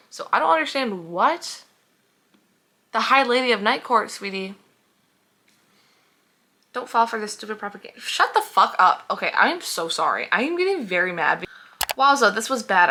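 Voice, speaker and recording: A woman's voice: mid-range voice, pushed and bright. A young woman reviewing books in a casual vlog, heated and sarcastic, swearing freely as she reacts. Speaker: book reviewer.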